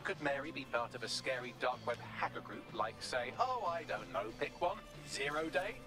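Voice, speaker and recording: An actor voicing a wry, sarcastic male AI assistant in a video game, speaking in a quick, teasing way. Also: medium pitch, big pitch swings, over music. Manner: quick, teasing, mock-speculative.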